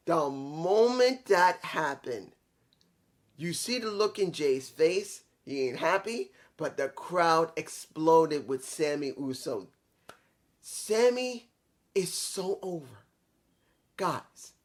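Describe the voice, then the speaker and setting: A young man giving a casual, excitable wrestling review, swearing freely and acting out quotes as he recaps scenes. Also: fairly high pitch, takes it slowly.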